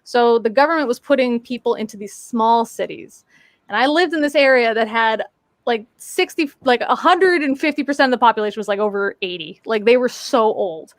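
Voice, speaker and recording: A woman's voice: on the high side, expressive, brisk, no echo, studio quality. A woman in casual chat on a live stream, telling a story with lots of fillers and playful voice mimicry. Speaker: guest on a live talk stream.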